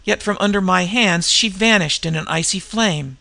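Brief: a man doing a stunned barbarian warrior, gravelly and slightly raised. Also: high voice, moderate pace, bright, forceful tone, exaggerated voice. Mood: dazed. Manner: grim and dazed. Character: bold barbarian warrior man, dazed and half-frozen. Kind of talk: audiobook reading.

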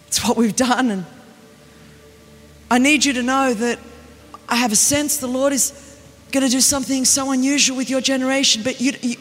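An animated, joking woman, preaching a conference sermon and often building to a shout. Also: sits high. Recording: echoey arena with faint music.

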